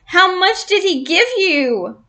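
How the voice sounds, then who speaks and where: Woman playing a squeaky nervous young male mouse, high, distressed, storybook. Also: sing-song, slow, pushed and bright, heavily acted. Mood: upset.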